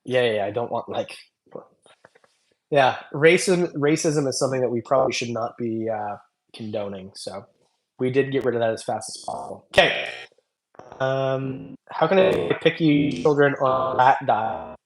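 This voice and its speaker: A man speaking at medium pitch and moderate pace hosts a reptile channel's long, casual livestream. After hours on air he's tired, reading chat aloud and joking loosely in a rambling way full of fillers.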